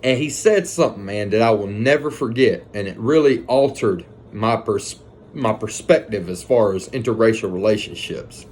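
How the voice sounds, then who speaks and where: A man's voice: on the low side, moderate pace, darkish tone, slight background noise. A man telling a personal story in a casual, conversational way, swearing freely and retelling the events with animation.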